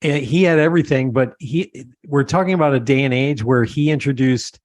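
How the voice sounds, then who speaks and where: A man hosting an interview, talking in a relaxed, agreeable, storytelling way. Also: mid-range voice, brisk, no echo. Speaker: podcast host. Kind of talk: conversational interview.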